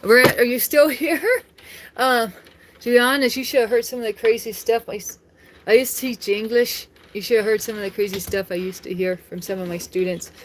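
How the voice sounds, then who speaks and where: A woman's voice: fairly high pitch, a little fast, slight background noise. A woman chatting casually on a live stream from home, talking straight to viewers and laughing often.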